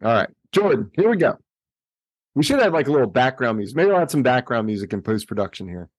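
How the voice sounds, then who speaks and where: A man's voice: mid-range voice, very animated, fast, breathy edge, no room sound. A man hosting a casual podcast, running a quiz game in a laid-back, joking way.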